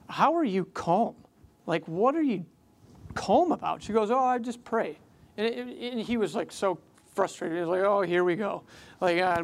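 Brief: earnest pastor preaching a sermon, mid-pitched, conversational, casual fillers.

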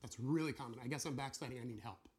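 A man's voice: mid-range voice, racing, slight background noise. A man teaching a casual sermon, drawing on a board as he talks and acting out what God and believers say. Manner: animated, acts out voices of God and believers. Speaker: preacher teaching a series.

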